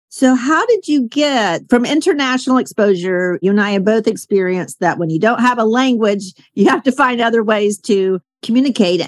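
A woman's voice: mid-range voice, no echo. An older woman hosting an interview podcast, responding enthusiastically and asking questions in a chatty way. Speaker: podcast host. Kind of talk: conversational interview.

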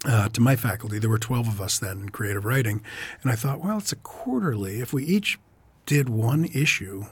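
Low husky-voiced man, halting. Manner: hesitant, many fillers and restarts. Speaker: author and editor, interview guest. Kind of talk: reflective interview answers.

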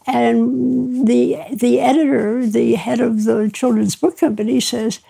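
A woman author, interviewed, telling lively anecdotes and acting out bits of dialogue with frequent laughs. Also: on the high side, unhurried, vocal fry, slightly rough. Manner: lively raconteur, mimics dialogue, laughs often. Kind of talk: anecdotal storytelling.

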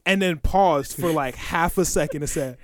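A young man co-hosting a podcast, telling stories in a lively, slangy way and acting out the sounds and voices in them. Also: a little high, moderate pace. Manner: animated, slangy storyteller who acts out voices and sounds. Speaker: podcast co-host. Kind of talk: casual storytelling chat.

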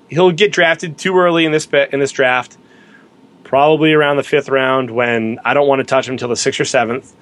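A man co-hosts a casual sports chat, mid-pitched and conversational. He argues his points with lively rhetorical questions. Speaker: podcast co-host.

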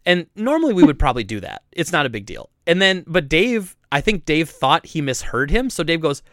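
A man running a game store, telling customer stories in a casual, animated chat and acting out the people involved. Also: fairly high pitch, brisk, no echo, clean studio sound. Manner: animated, laughing, acts out customers and coworkers. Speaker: game store owner, podcast host.

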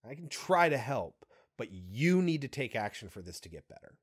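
A man's voice: medium pitch, breathy edge. Chatty man retelling a film. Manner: chatty, profane, animated retelling with quick asides. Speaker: podcast co-host. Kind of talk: casual film discussion.

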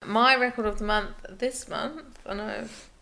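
A woman co-hosting a casual music chat, gentle and enthusing, often letting her sentences trail off. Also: medium pitch, steady tone, a little slow, vocal fry, slight background noise. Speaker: podcast co-host.

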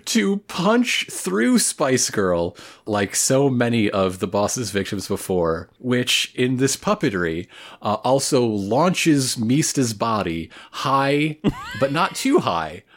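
A man co-hosting a podcast, recapping an anime episode in casual chat, excited and rambling, laughing often as he talks. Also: mid-range voice, slow pace. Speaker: podcast co-host.

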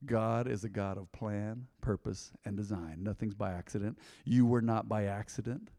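A middle-aged man preaching a sermon in a church, boldly and with passion. He moves from quiet asides to loud, emphatic calls to the congregation. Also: lowish voice, fairly even intonation, normal speed. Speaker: pastor. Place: church sanctuary. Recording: long hall reverb.

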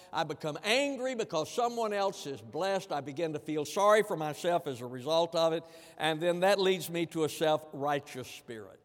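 A man preaching a sermon, slipping into the voices of the people in his story and swinging from quiet asides to loud declarations. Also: on the high side. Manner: acts out the angry elder brother in plain voice, from soft asides to loud. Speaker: pastor. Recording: long hall reverb.

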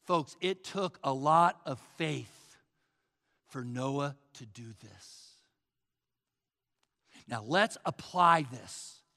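Animated, gravelly preaching man. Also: fairly high pitch, in a large hall. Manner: emphatic, repetitive preaching, addresses the crowd as folks. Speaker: pastor. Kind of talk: sermon.

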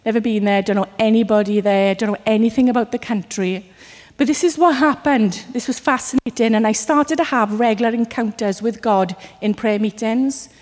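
A woman from Wales delivers a sermon with a slightly high voice that rings out into a large hall. She tells personal stories and acts out little voices as she goes. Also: normal speed. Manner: animated storytelling with acted asides. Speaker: preacher.

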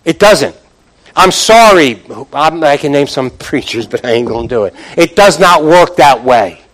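Guy preaching a sermon with a pretty high voice, punchy and repetitive, asks the church questions a lot. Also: animated, moderate pace, low-quality recording. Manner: emphatic, repetitive preaching with sudden drops to a low, quiet voice; calls out to the congregation with questions.

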